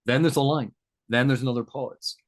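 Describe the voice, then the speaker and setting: Male interview guest, mid-pitched, measured explainer who talks in examples. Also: steady tone. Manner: thoughtful, lecturing, builds points with examples.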